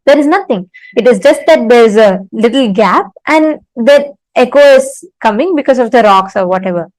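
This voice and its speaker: A woman's voice: a little high, lively intonation, moderate pace, a little mellow, no room sound, poor audio. A woman giving a spiritual talk to an online audience, telling a story with fillers and restarts. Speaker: spiritual teacher.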